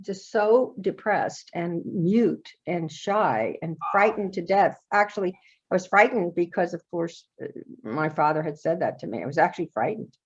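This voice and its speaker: Animated older woman, dull lo-fi sound. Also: lowish voice, normal speed, slightly rough. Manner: animated, emphatic, laughing often. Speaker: therapist guest. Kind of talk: interview conversation.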